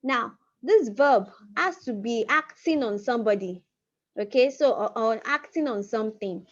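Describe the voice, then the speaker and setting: A woman's voice: on the high side, expressive. Patient woman teaching an online class. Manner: patient, repeats and slows key phrases. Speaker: Chinese language teacher. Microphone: computer mic on a video call. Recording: muffled video-call audio.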